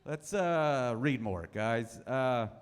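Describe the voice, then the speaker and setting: A man's voice: medium pitch, lively intonation, drawn-out words, smooth, big-room sound. A man in his thirties doing a stand-up set on a club stage, dry and self-mocking. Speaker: stand-up comedian.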